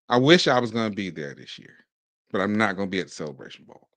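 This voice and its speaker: A man in his forties from Mississippi, hosting a casual sports commentary show, animated and talking in bursts with frequent restarts. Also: on the low side, quick pace, no echo. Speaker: podcast host.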